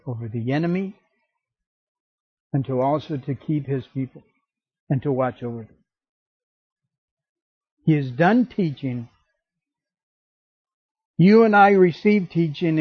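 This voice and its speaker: A man preaching a sermon as pastor, slow and emphatic, acting out the scripture quotes. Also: mid-range voice, husky, no room sound, muffled recording.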